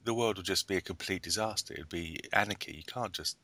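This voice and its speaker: A South London man hosts a podcast full of casual, jokey banter and frequent laughter. His voice is deep, bright and forceful, and he talks at a quick pace.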